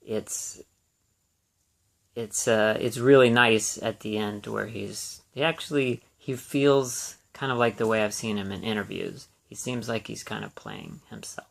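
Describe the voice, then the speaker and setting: A man's voice: lowish voice, measured pace, creaky. A man hosting a casual solo movie podcast, talking in a rambling, hesitant way with many fillers and restarts. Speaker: podcast host.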